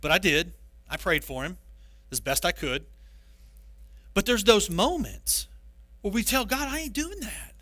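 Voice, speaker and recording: A male pastor giving a sermon, telling stories with animated, self-mocking humor. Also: high voice, unhurried, long pauses, no echo.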